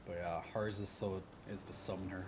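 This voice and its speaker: A man's voice: sits low, little pitch movement, brisk. A man streaming a video game, chatting casually and muttering sarcastic asides to himself. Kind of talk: casual gameplay commentary. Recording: stream audio with background noise.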